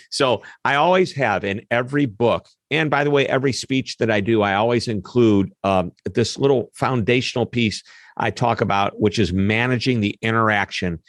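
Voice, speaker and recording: A man talks as an interview guest in a lively, animated way, slipping quick asides into his explanations. His voice sits at a medium pitch. The recording is dry and close, with no room echo. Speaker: customer service expert guest. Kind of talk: interview answers.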